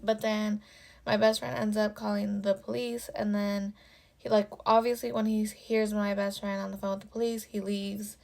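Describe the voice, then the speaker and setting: A woman's voice: medium pitch, flat delivery, moderate pace, vocal fry, a little mellow. A young woman telling a personal story in a casual vlog, swearing and filling her speech with "like.". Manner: casual and profane, with constant "like" fillers. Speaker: storytime vlogger.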